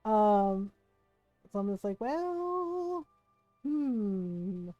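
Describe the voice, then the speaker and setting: A woman's voice: sits high, normal speed, dark tone, dry recording, dull audio, faint music behind. A woman from the United States, streaming a game while casually telling a family story, acting out quotes and laughing often.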